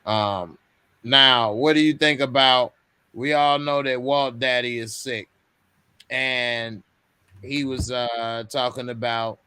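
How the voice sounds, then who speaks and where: Male stream host, unhurried delivery, crisp bright tone, dry close sound, slangy and easygoing. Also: mid-range voice, steady tone, no echo. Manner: laid-back, slangy, laughs often. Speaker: host of a TV recap livestream. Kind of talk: casual recap chat. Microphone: webcam on a video livestream.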